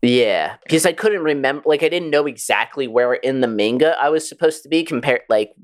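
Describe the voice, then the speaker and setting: Lively-pitched man chatting casually, full of fillers. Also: brisk. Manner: rambling, filler-heavy, profane. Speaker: podcast co-host. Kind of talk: casual chat.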